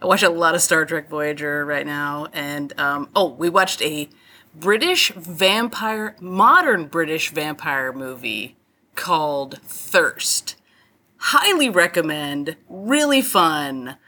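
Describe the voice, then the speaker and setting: Slow-talking, bright-voiced podcast woman. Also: sits low, expressive. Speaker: podcast co-host. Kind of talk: casual chat.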